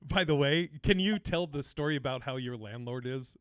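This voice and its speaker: A man's voice: mid-range voice, normal speed, a bit bright, no room sound, clean studio sound. A man hosting a casual podcast, musing aloud, laughing often and swearing casually. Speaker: podcast host. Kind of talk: casual chat.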